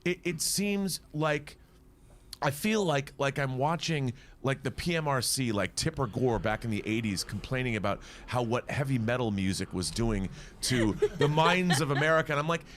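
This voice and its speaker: A man's voice: mid-range voice, animated, moderate pace, fairly bright tone, slight background noise. A man on a podcast giving an impassioned, exasperated rant about films, often repeating words as he gets worked up. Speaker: podcast host in a played clip.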